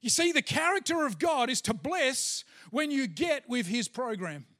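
A man's voice: very high voice, lively intonation, normal speed, bright, forceful tone. A man, a pastor giving a sermon and telling a personal story in a chatty way with lots of fillers.

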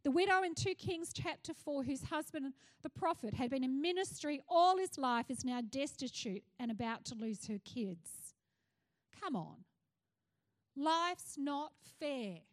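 A woman's voice: high voice, expressive, measured pace. A middle-aged woman pastor with an Australian accent, preaching a passionate sermon that rises to fervent cries.

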